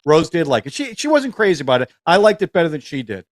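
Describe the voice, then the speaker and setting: A man's voice: a little high, big pitch swings, fast talker, no echo, clean studio sound. A man co-hosting a film podcast, talking in an easygoing, hesitant way. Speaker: podcast co-host reviewing films. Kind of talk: casual chat.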